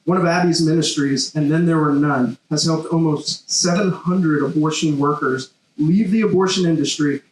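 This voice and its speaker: A man's voice: a little high, fairly even intonation, moderate pace, hardly any pauses, slight background noise. A man acting as event emcee, reading a speaker introduction in an upbeat, scripted delivery. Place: large hall. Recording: echoey hall sound.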